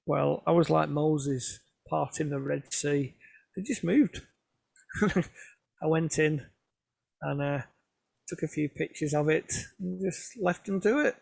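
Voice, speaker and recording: This photographer's voice runs on the high side, a little mellow, with vocal fry, a slow pace and long pauses. He's giving a casual talk to a club by video call, full of chatty, self-deprecating photography stories, and the audio has no echo.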